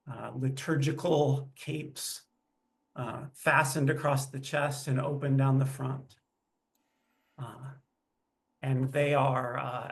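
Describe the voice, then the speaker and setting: A man playing a tabletop game, describing his character in a halting way with many pauses and fillers. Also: mid-range voice. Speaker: player.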